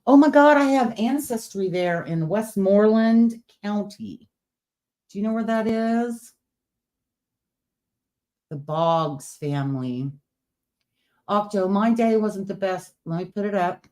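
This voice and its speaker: A woman with a warm, expressive, medium-pitched voice runs a casual late-night livestream, speaking slowly and pausing often. She chats with viewers, reads their comments aloud and occasionally whispers, though her new partial teeth impede her speech slightly.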